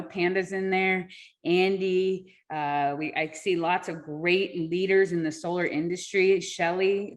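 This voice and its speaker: A woman hosting an online sales forum over a video call, upbeat and encouraging as she reads questions and thanks her guest. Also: lowish voice. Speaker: forum host. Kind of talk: casual online meeting talk.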